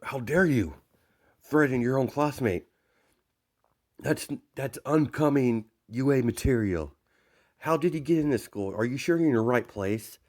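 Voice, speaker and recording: A man's voice: mid-range voice, measured pace, a little mellow, voice pushed up, natural voice. A man playing a prim teen boy class rep, raised voice, scolding, indignant, fan story reading.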